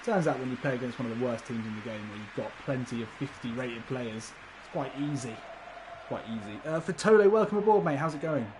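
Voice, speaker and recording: A man's voice: medium pitch, lively intonation, quick pace, few pauses, background noise. A man commenting live on a football video game, chatty and laughing often, swearing casually and talking to his viewers. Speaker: gaming livestreamer.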